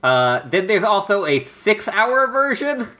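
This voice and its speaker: A man with a lively, bouncing pitch and a bright edge talks in loose, rambling chat. He piles up fillers and restarts mid-thought. The overall effect is chatty and unpolished. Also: measured pace. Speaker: podcast co-host. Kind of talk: casual chat.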